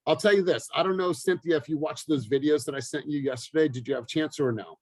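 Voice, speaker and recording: A man's voice: on the high side, quick pace, no echo, low-quality recording. Emphatic motivational coach, man. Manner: energetic, emphatic, repeats phrases for effect. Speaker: real estate team coach. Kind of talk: motivational team talk.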